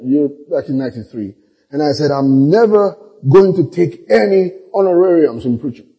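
A man's voice: on the high side, warm tone, breathy edge. A middle-aged man, preaching a sermon through humorous personal stories, laughing often and acting out the voices of people in them. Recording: long echo of a large hall.

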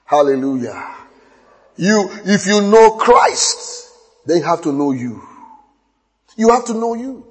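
A male pastor delivers a sermon in a high, very lively voice that swings up and down. He laughs often and repeats phrases over and over. The sound carries the long reverb of a large hall. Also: unhurried, pauses often.

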